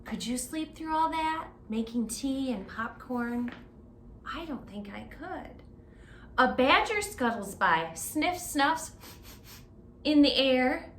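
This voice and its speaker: A woman librarian reads a picture book aloud to children at a very slow, unhurried pace. She keeps pausing to ask her young listeners questions. Her voice is fairly high and echoes in a roomy space, with faint noise in the background. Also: animated, a bit bright. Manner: interactive, asks children questions. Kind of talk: children's story time read-aloud.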